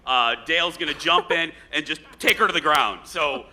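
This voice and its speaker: Bright-voiced joking male TV host. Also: on the high side, normal speed. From Indiana. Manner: joking, playful, self-deprecating. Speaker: talk show host. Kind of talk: live TV talk show banter.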